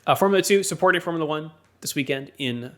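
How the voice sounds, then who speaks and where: A man co-hosting a casual motorsport podcast, quickly running through standings and broadcast times in an upbeat way. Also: fairly high pitch, pushed and bright. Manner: reads schedules and listings in a quick, upbeat way. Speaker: podcast co-host.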